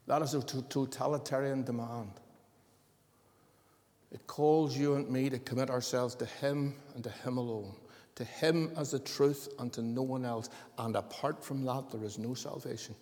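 A man's voice: mid-range voice, fairly even intonation, moderate pace, a little mellow, long reverb tail. A man preaching a sermon as pastor, emphatic and building in force.

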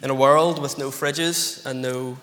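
A man's voice: medium pitch, steady tone, unhurried, fairly bright tone, long reverb tail, slight background noise. A Northern Irish man preaching an earnest, emphatic expository sermon to his church congregation. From Northern Ireland. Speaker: pastor.

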